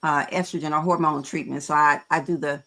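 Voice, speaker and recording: A frank woman in her fifties, co-hosting a podcast in a bright, forceful voice. She speaks conversationally and pauses on fillers as she gathers her thoughts. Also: sits low, fairly even intonation. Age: 50s. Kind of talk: candid podcast chat.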